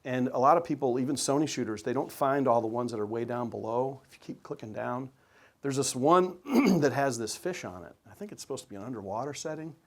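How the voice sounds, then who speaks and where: A man's voice: medium pitch, animated, fairly quick. A man, a sports and wedding photographer, giving an enthusiastic, conversational presentation to an audience, with frequent fillers.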